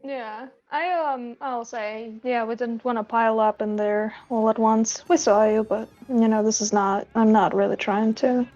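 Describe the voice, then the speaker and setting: Female player, hesitant, higher voice, dull mic, light music. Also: steady tone, normal speed, few pauses, a little mellow. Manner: hesitant, thoughtful, describes her actions. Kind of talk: in-character tabletop play.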